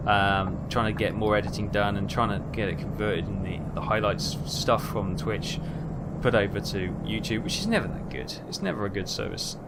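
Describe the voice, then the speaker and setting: A man's voice: fairly low pitch, moderate pace. Rambling man over truck-game noise. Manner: rambling, with exasperated outbursts. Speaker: gaming channel host. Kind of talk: casual let's-play commentary. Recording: game engine noise underneath. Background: truck simulator engine and road sounds.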